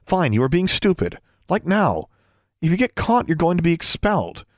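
A man's voice: fairly high pitch, big pitch swings, normal speed, no echo, clean studio sound, pitched above the performer's own voice. A man doing a blunt scolding schoolgirl.

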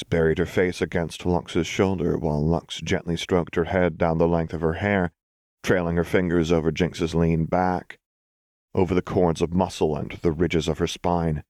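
A man with a very deep voice reads a story aloud in calm, measured narration. The recording is dry and close, with no room sound at all. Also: no room sound. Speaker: audiobook reader. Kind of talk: scripted narration.

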